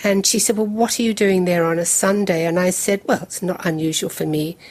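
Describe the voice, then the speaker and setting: A woman's voice: on the low side, fairly even intonation, a little mellow. Older woman telling a memory. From England. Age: 70s. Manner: measured, detailed storytelling. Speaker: guest. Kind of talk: recounting a personal memory in an interview.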